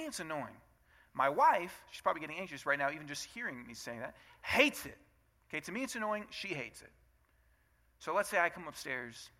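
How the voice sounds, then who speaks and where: A man in his thirties preaches with a bright, forceful voice, sitting a little above the usual male pitch. He talks to the congregation like a friend, firing off rhetorical questions and acting out both sides of arguments between spouses. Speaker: pastor. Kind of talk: sermon.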